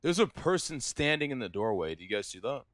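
A young man streaming a horror game, jumpy and excitable, swearing often as he plays. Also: medium pitch, brisk. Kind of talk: live gaming stream commentary.

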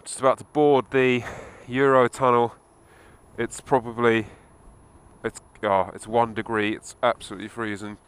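A man's voice: mid-range voice, little pitch movement, normal speed, a bit bright, clear, resonant tone, low-quality recording. A man recording a casual video diary while riding a motorbike through snow, giving a running commentary full of swearing and exasperation. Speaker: motorcycle vlogger.

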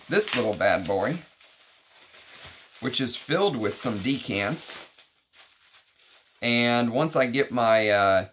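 A man's voice: lowish voice, fairly bright tone, slight background noise. A man chatting casually as a fragrance reviewer, rambling and thinking aloud as he unpacks samples. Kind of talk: casual unboxing chat.

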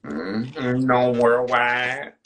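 A man's voice: medium pitch, drawn-out words, fairly bright tone. A man chiming into a casual chat with short, blunt remarks.

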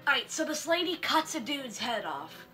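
A young woman delivers a sarcastic, animated comedic review full of mock outrage. Her voice is high and bright. Faint music plays underneath. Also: normal speed. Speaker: book reviewer. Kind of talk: comedic commentary.

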